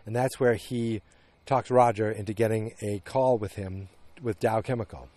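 A man's voice: lowish voice, fairly even intonation, moderate pace, few pauses, dark tone, no room sound. A man casually recapping a TV episode, rambling with lots of fillers and restarts. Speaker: show recapper. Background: dogs barking.

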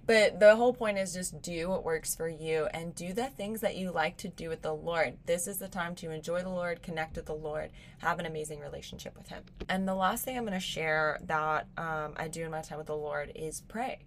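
A woman's voice: sits low, steady tone, normal speed, few pauses, a little hiss or hum. A young woman hosting a faith podcast, speaking earnestly and encouragingly in a casual, heartfelt way. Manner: earnest and encouraging, gets teary and laughs. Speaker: podcast host. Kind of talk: casual devotional podcast talk.

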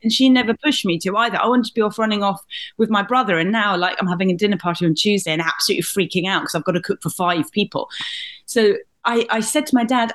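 A middle-aged woman from Britain, a comedian, telling personal stories in an animated, laughing way. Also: medium pitch, fast talker. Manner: animated, laughing, swears mildly. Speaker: guest comedian and author. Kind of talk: candid storytelling in conversation.

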